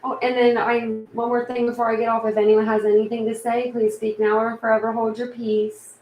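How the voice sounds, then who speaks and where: A woman's voice: on the high side, level tone, fairly quick, a little mellow, echoey room, a little hiss or hum, low-quality recording. A woman with a Southern accent hosting a casual livestream from home, rambling and chatty with lots of fillers. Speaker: livestream host. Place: room at home.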